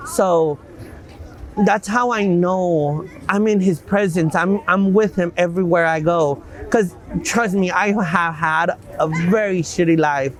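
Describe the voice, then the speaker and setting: A man's voice: high-pitched, unhurried, low-quality recording. A man being interviewed outdoors, telling his life story with earnest faith, often repeating words as he talks. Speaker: interview guest. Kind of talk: emotional personal storytelling. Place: outdoors in a city.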